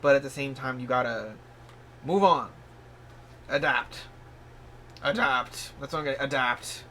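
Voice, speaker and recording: A man giving a casual tarot reading in a vlog. He talks in a rambling, encouraging way, full of "like" and "you know", and breaks into sudden high-pitched bursts of surprise. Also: a little fast, pushed and bright, a little hiss or hum. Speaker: tarot reader.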